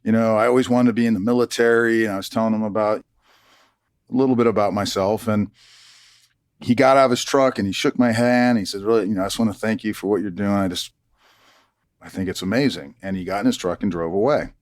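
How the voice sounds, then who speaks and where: A retired army colonel, middle-aged and on the low side in pitch, talks a little fast as he tells stories during a conversational interview where he's the guest. He's animated, acting out the dialogue he quotes, in studio-quality audio with no echo.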